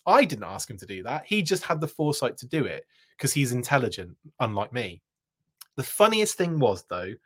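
Hosting his live show, a man wanders through a lengthy anecdote with a slightly bright voice and a breathy edge. Swept up in the story, his pitch jumps up and down, and he repeatedly restarts sentences while laughing a lot.

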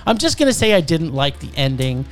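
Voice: mid-range voice, very animated, brisk. A film reviewer ranting in casual chat, swearing and talking over the others as they list what annoyed them. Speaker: movie reviewer.

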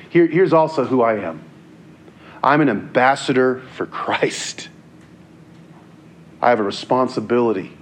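A man preaching a sermon in an earnest, conversational way, sometimes repeating words as he goes. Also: mid-range voice.

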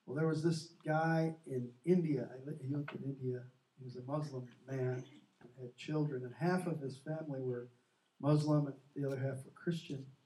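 A man's voice: medium pitch, moderate pace. Male co-host, earnest faith storyteller, echoey distant recording. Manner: earnest, animated storyteller who acts out quotes. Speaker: co-host of a Christian talk show. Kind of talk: casual faith talk, storytelling. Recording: echoey room, distant from the mic.

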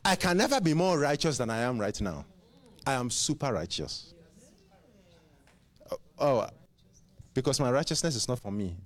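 A man's voice: mid-range voice, big pitch swings, normal speed, pauses often. A man preaching a sermon who fires off rhetorical questions and often repeats words and restarts.

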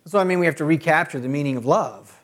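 A middle-aged man preaching a sermon as a pastor. He often builds to loud, emphatic peaks. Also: on the high side, racing.

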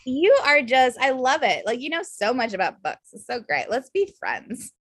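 A San Francisco Bay Area woman with a Californian accent, a podcast guest, talks casually and effusively with lots of fillers and sounds a little tipsy. Her high-pitched, slightly bright voice has a breathy edge and is very animated at normal speed. There's no echo, and she comes across as bubbly.

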